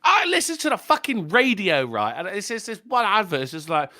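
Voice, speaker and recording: A man co-hosting a casual reaction chat, animated and sweary, bantering and laughing. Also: high voice, fairly quick, dry recording, clean studio sound. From England. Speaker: co-host.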